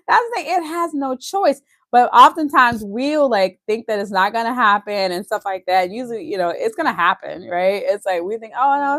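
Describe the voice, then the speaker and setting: A woman with a Louisiana Southern accent reads aloud and comments in an animated, emphatic rush, often laughing between points. Her voice sits in the middle of the range and is heard close and dry, with no room sound around it. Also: fairly high pitch, no echo. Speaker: host reading and discussing a book. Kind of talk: casual teaching, reading aloud with commentary.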